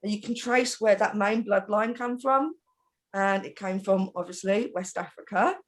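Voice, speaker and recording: A middle-aged woman from Britain, chatting in a group and telling family stories in an animated way, laughing often. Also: mid-range voice, normal speed. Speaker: panel host. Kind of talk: casual group chat.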